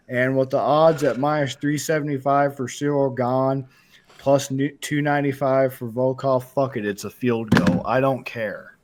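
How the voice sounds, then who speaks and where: A man's voice: mid-range voice, fairly even intonation, normal speed, a little hiss or hum. A young man co-hosting a fight betting podcast, rambling, jokey and profane. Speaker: podcast co-host. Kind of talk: casual betting chat.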